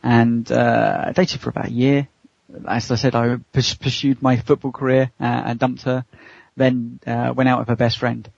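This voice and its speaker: A man's voice: mid-range voice, level tone, moderate pace, creaky, hardly any pauses, a little mellow, no room sound, muffled recording. A man in his thirties, chatty and laughing often as he tells a personal story in an interview, acting out the voices of the people in it. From United Kingdom. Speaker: co-host answering interview questions.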